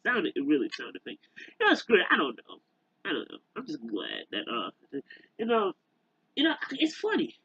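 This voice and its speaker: A man with a slightly raised, husky voice rants casually to camera, trailing off and starting over again and again. His pitch leaps around as he talks. The recording is dry and a bit dull, like a cheap home mic. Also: fairly bright tone, dry recording. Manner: rambling, halting, many fillers and restarts. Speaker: YouTuber.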